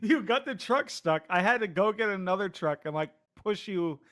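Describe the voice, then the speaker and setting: A man's voice: high voice, expressive, moderate pace, a bit bright. A man co-hosting a casual gaming podcast, laid-back, laughing along and giving short replies. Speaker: podcast co-host.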